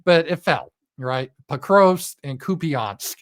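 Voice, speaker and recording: A man's voice: on the high side, animated, slow. A man giving a casual political commentary monologue in a blunt, profane, sarcastic manner.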